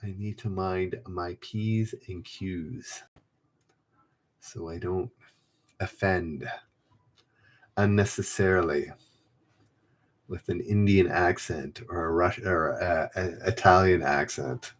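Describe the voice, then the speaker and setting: A man with a low voice hosts a trivia livestream from home. He reads out quiz clues and chats loosely with viewers, rambling and correcting himself as he goes. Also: fairly even intonation, slow pace, pauses often. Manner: rambling, self-correcting, reads chat names aloud. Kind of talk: casual livestream chat, reading quiz clues. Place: home room.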